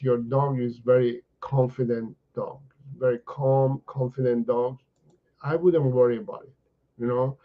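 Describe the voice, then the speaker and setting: A dog trainer answers viewers in a live-stream Q&A, chatting casually, repeating words, and tossing in "you know" and "right?" often. His voice is mid-range, and the audio has its highs cut off.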